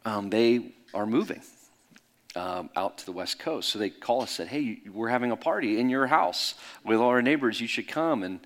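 A middle-aged man preaching in a candid, conversational way, swinging between loud bursts and soft hushed asides. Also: medium pitch, expressive, normal speed. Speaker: pastor. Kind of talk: sermon storytelling.

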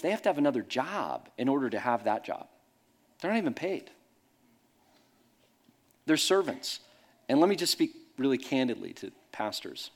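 A man preaching a sermon, telling stories in a candid, emphatic way. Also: medium pitch. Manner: animated storytelling, candid and emphatic. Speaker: pastor.

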